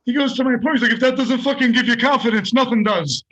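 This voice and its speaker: An older man, a fighter, telling a story in casual, profane, animated bursts and laughing along the way. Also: extremely high pitch, rapid-fire, dull audio, very noisy. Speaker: guest fighter.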